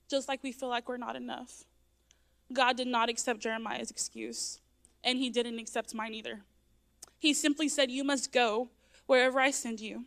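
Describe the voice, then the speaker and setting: A woman's voice: high-pitched, moderate pace, vocal fry, pushed and bright. A woman sharing an earnest personal testimony in church, her voice close to tears at times. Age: adult, raising young children. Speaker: church member giving testimony. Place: church sanctuary.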